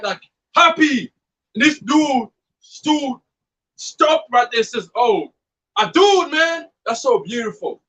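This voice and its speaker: A man's voice: very high voice, a bit bright, husky, low-quality recording. A man preaching in a casual, profane, fired-up way, mixing scripture with blunt storytelling. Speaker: street preacher.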